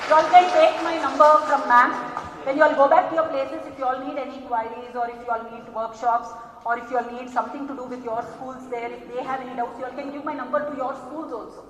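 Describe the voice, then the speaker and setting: A woman's voice: high-pitched, steady tone, a little fast, fairly bright tone, some chatter behind. A woman with an Indian English accent giving an earnest, repetitive talk to science educators, often asking "right?" to check with her listeners. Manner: earnest, repetitive, lecturing with rhetorical questions. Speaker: workshop speaker on drama in science teaching. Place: large echoey hall at a conclave. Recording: echoey hall, faint ambience.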